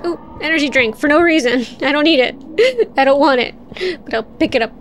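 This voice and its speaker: Speaking briskly in a high voice, this young woman chats her way through a horror game stream, laughing a lot and answering the game as if it could hear her. There's slight background noise.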